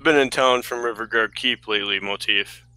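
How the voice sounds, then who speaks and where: A man's voice: mid-range voice, normal speed, pushed and bright, smooth, no room sound, low-quality recording. A man playing a tabletop game, talking bluntly and pushily in character. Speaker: player. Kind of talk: casual tabletop role-play.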